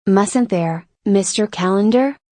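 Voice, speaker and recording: A woman's voice: mid-range voice, slow, dark tone, dry recording, lightly acted. A woman reading as a determined former stage performer. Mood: passionate. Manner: firm and determined. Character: weary resolute middle-aged woman, former stage performer.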